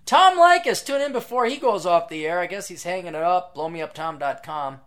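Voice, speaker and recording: A man hosting his own podcast in a casual, sarcastic, rambling monologue, reading out plugs and jumping between loud bursts and mutters. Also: high voice, animated, fairly quick. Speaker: podcast host.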